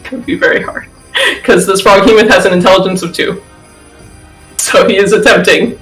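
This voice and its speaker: A man's voice: high-pitched, fairly even intonation, moderate pace, fairly bright tone, faint music behind, low-quality recording. A man narrating as game master of a tabletop game, chatty and laughing, with many fillers.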